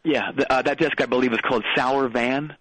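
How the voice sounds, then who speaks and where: A man playing a confused, rambling washed-up male comedian who calls in, in a comedy phone bit, with a husky voice that jumps up high. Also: fairly even intonation, fairly quick, a bit bright, no echo, rough recording. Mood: bemused. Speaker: caller.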